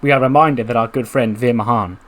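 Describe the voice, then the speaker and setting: A man narrates a game playthrough in a chatty, casual way. He talks quickly and slips into the characters. His voice sits at an ordinary male pitch. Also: fairly bright tone. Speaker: video game commentator.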